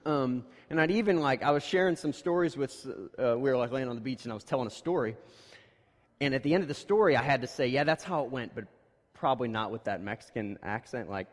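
A man preaching a conversational sermon, telling stories casually and then pressing his points more loudly and emphatically. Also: mid-range voice, brisk. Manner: casual storytelling that rises to emphatic, louder points. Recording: long reverb of a large hall.

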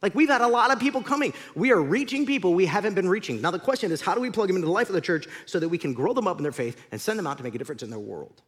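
Animated pastor preaching. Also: male voice, high-pitched, rapid-fire, few pauses. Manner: animated, conversational storytelling with voiced asides. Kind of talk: sermon.

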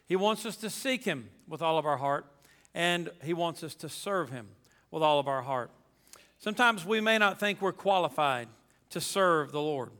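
A man's voice: a little high, lively intonation, normal speed, fairly bright tone, big-room sound. A pastor preaching a sermon to his congregation, emphatic and folksy, repeating his key phrases.

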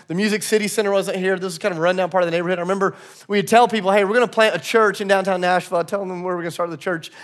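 A man's voice: high-pitched, a bit bright. A man preaching a sermon, telling a funny personal story and then rising into a passionate, repeated refrain. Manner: storytelling with humor, building to an impassioned repeated refrain. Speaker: pastor.

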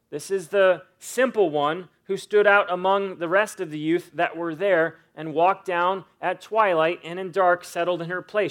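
A male pastor delivering a sermon with a notably high-pitched voice. He speaks earnestly and emphatically, repeating key phrases for weight. He also reads scripture aloud in a slow, dramatic way. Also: fairly bright tone.

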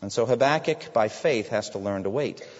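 A man preaching a sermon as a pastor, emphatic, with dramatic pauses and rhetorical questions. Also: fairly low pitch, big-room sound, highs cut off.

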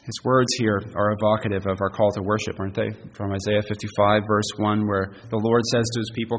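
A man's voice: lowish voice, flat delivery, fairly quick, few pauses, slight background noise. Earnest male preacher in a reverberant hall. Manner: earnest, repeats words, swings from loud to soft. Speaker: pastor. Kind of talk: sermon.

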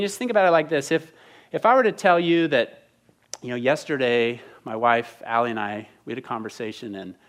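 Man preaching an earnest conversational sermon. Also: fairly high pitch. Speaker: pastor.

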